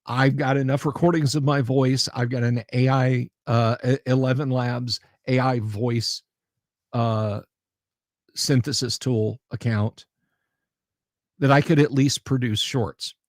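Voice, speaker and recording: Slow, halting man hosting a livestream. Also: medium pitch, fairly even intonation, no echo, studio quality. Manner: halting, full of pauses and restarts; emphatic, repeats himself. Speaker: livestream host. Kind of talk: casual chat.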